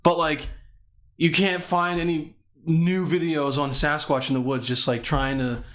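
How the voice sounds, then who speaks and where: A man with a somewhat high voice chats on a comedy podcast. He rambles crudely and swears often, thinking out loud as he goes. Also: flat delivery, a little slow. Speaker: podcast co-host. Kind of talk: casual comedy podcast chat.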